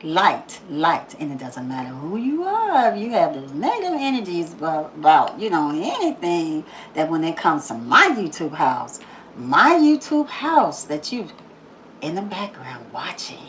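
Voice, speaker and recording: A woman hosting a daily positive-message video, talking casually, laughing often and repeating phrases for emphasis, then softening into slow prayer. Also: sits low, wildly swooping pitch, slight background noise, rough recording. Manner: drops to a soft, slow prayerful tone. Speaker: YouTube host giving a daily positive message. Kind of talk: casual inspirational monologue.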